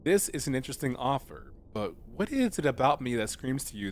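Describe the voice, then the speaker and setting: A man's voice: mid-range voice, big pitch swings, fairly quick, slight background noise. A man streaming a video game, chatting casually and joking in a rambling, playful way. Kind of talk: casual let's-play commentary.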